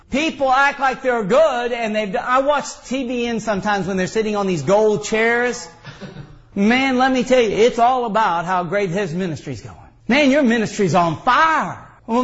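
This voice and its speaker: Emphatic folksy preacher, high voice. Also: male voice, a bit bright, dull audio. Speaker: pastor. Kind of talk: sermon.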